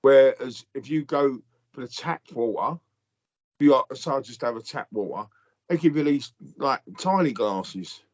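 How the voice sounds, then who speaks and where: A middle-aged man rants through a story, blunt and sweary, at an ordinary, middling pitch. The sound is a little dull and muffled, as if the recording lost its top end. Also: a little slow, a little mellow. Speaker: podcast co-host. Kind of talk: casual chat.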